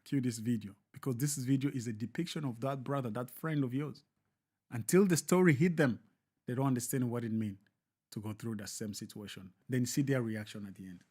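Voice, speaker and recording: A man's voice: mid-range voice, a little fast, darkish tone, slightly rough. A man hosting a live show, giving emphatic, repetitive, preacher-like commentary.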